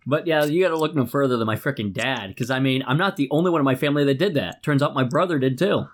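A man's voice: mid-range voice, fast talker. A man co-hosting a podcast in casual chat, telling stories and laughing often. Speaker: podcast co-host.

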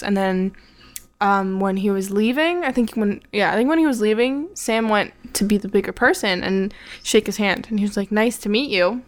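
A woman's voice: medium pitch, clean tone. A young woman chatting casually on a podcast, telling a story in a frank, swearing, laughing manner. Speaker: podcast guest, host's fiancée.

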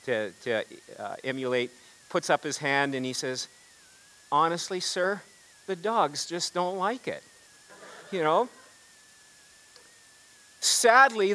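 High-voiced pastor preaching a sermon. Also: male voice, sharp tone, poor audio. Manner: storytelling with congregation call-and-response; frequent repeated words and restarts.

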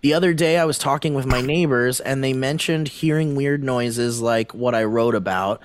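A man co-hosting a casual comedy podcast, who laughs often and reads an online post aloud in an animated way. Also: moderate pace. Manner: animated, laughs often, pitch swings widely. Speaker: podcast co-host.

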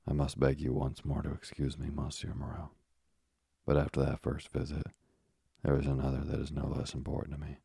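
An earnest, polite young sailor, as a man reads him with a very deep, flat voice. The tone is gravelly and husky, in a dry, close sound. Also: a little fast, dry recording, exaggerated voice.

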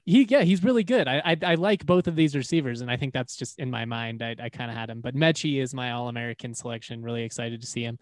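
A man's voice: medium pitch, fast talker, hardly any pauses, no echo. A man co-hosting a casual sports podcast, rambling and self-deprecating, with lots of fillers. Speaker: podcast co-host.

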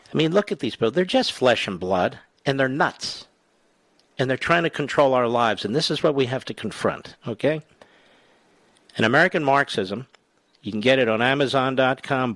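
A man's voice: medium pitch, dry recording. Combative older male talk radio host. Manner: combative, sarcastic, animated. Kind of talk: political talk radio monologue.

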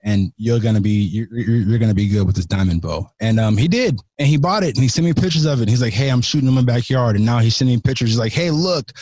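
A man's voice: on the low side, quick pace, few pauses, a little mellow, breathy edge, dry recording. A man from California, a podcast guest, talking in a loose, slangy way, swearing freely and restarting his sentences. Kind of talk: casual chat.

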